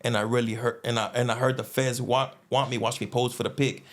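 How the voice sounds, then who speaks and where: A young man telling a long story in casual chat, rambling and filling gaps with "boom" and "you know what I'm saying". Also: flat delivery, fast talker. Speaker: guest.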